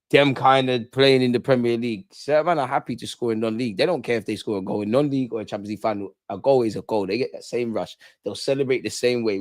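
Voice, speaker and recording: A man's voice: medium pitch, dry recording, clean studio sound. A young man in casual banter among friends, slangy, laid-back and joking.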